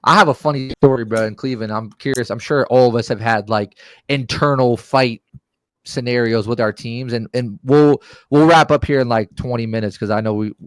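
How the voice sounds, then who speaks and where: In a casual podcast conversation, this man's mid-range voice carries a rowdy story full of profanity. He performs each quote with animated energy, recorded without echo.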